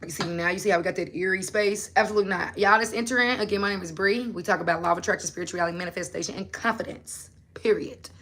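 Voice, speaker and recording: A woman's voice: mid-range voice, fast talker, hardly any pauses, fairly bright tone, a little hiss or hum. A woman, hosting a casual motivational livestream. She preaches and talks in slang, firing direct questions at her viewers.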